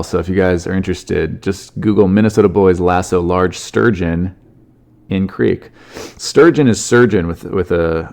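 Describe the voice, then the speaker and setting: A man hosting his own comedy podcast, reading weird news stories aloud and riffing on them with swearing and quick character voices. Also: lowish voice, creaky, darkish tone. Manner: swears freely, jumps into goofy character voices.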